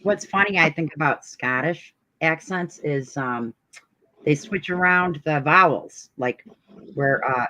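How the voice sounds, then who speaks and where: Curious co-host with a bright dry voice. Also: mid-range voice, a little slow, dry recording, low-quality recording. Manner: curious, asks many questions, drawls. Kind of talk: casual stream chat.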